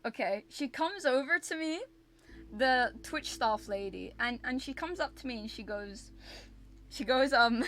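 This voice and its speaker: A young woman streamer casually telling a story to her chat at a home setup, animated and repetitive, swearing freely. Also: fairly high pitch, unhurried, pauses often.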